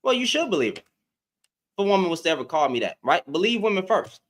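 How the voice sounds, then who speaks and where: This male streamer does casual live commentary, addressing his chat head-on with plenty of repetition and taunts. He has a high, sing-song voice and moves at a quick pace.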